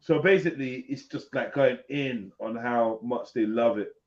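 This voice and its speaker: A man hosting a casual live panel, reading an article aloud haltingly with jokes, over a video call. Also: medium pitch. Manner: joking, reads aloud haltingly. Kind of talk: casual live-stream banter. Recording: dull lo-fi stream audio.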